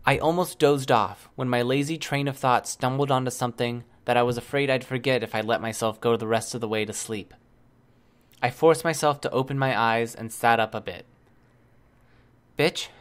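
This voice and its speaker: A man's voice: medium pitch, fairly even intonation, fairly quick, a bit bright, clean tone. A man narrating an audiobook in the first person, reading evenly and keeping the dialogue understated.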